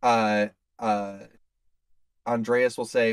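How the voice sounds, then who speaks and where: A man playing a tabletop game, halting and full of fillers. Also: medium pitch, lively intonation, a bit bright, no room sound, clean studio sound. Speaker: tabletop player.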